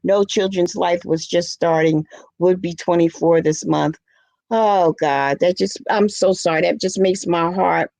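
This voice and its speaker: A middle-aged woman with a fairly low voice hosts a casual live stream, speaking earnestly and with feeling. She reads viewer comments out loud between stories. The sound is dry and close. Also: steady tone, measured pace, vocal fry, no room sound. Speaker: live show host.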